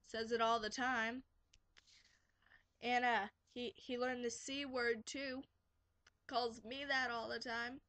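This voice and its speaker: A woman's voice: on the high side, little pitch movement, takes it slowly, long pauses, sharp tone, no room sound. A teenage girl ranting sarcastically in a casual vlog from her bedroom, full of filler words. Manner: sarcastic ranting, quotes kids in mocking voices. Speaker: vlogger. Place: bedroom, sitting on her bed.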